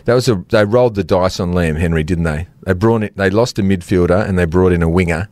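A middle-aged Australian man co-hosting a sports podcast, telling stories with lots of laughs and animated swings into quoted voices. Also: quick pace, no room sound. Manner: animated storyteller, laughs often, jumps pitch for quoted voices. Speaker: podcast co-host. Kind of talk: casual sports chat.

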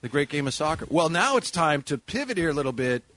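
A man hosting sports radio, joking and animated, quick to slip into voices and accents. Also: a little high.

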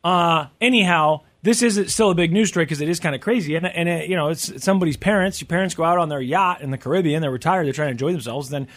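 A man's voice: on the high side, fast talker, few pauses, a bit bright. A man hosting a casual podcast chat, rambling and joking as he talks. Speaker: podcast host.

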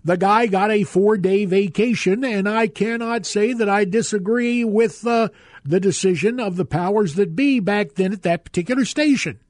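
A man's voice: sits high, normal speed, a little mellow, dry recording. A man in his sixties hosting a talk radio show, telling stories with an emphatic delivery into a studio microphone. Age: 60s. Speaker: radio guest host.

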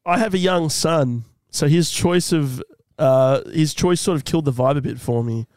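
A man's voice: fairly high pitch, moderate pace, darkish tone, no room sound. A young man co-hosting a comedy podcast, reading out a listener's letter with jokey asides. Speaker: podcast co-host. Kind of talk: casual comedy podcast chat.

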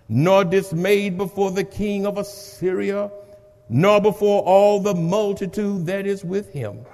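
A man preaching in a high voice with an unhurried, deliberate delivery. He reads scripture and urges the congregation to answer back, dropping low and then rising to shouts. A long reverb from a church hall trails his words. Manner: preaching, swings from soft to shouting, calls for congregation response. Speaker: pastor. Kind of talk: sermon.

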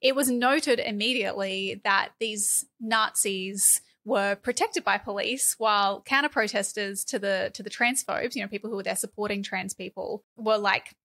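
An Australian woman co-hosting a political podcast, quick and sarcastic, with lots of fillers and restarts. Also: medium pitch, sharp tone. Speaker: podcast co-host. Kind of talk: casual political chat.

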